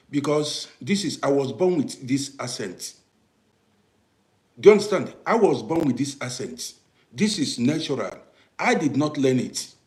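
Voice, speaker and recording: Livestream host, a man with an African English accent, emphatic and repetitive, with a slightly high voice that swings widely. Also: reverberant. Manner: emphatic, repeats "do you understand me", swings from quiet to loud bursts. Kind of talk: live-streamed commentary to viewers.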